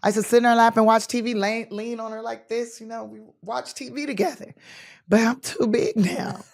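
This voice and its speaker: A woman guest telling personal stories in an interview, animated and quick to act out the voices of the people in them. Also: on the high side, gravelly, no echo, clean studio sound. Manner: animated storyteller acting out quoted voices. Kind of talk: storytelling interview.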